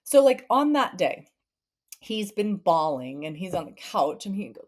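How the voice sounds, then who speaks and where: A woman's voice: fairly low pitch, very animated, unhurried. A woman therapist and podcast guest giving conversational parenting advice, acting out family scenes with playful voice shifts.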